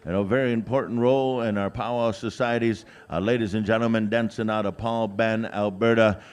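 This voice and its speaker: A man's voice: on the low side, fairly even intonation, clear, resonant tone. Joking male powwow emcee. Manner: drawn-out announcing of names, many "uh" fillers, joking asides. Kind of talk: live announcing with jokes. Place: outdoor powwow grounds.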